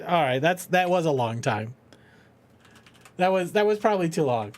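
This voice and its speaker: A middle-aged man with a fairly high, sing-song voice streams a game for charity, talking at normal speed with frequent pauses. His casual live-stream chat rambles along with jokes, free swearing, and lots of laughter.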